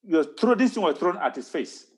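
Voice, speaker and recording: Emphatic man with a lively voice. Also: high voice, fairly quick, low-quality recording. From Cameroon. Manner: emphatic, repeats words for stress. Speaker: town hall speaker. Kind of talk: impassioned history lecture.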